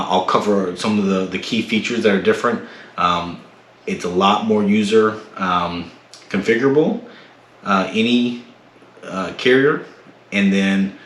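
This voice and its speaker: Low-voiced man unboxing tech. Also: echoey room, a little hiss or hum. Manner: relaxed, many fillers and restarts. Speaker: tech channel host. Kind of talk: casual product unboxing. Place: home room.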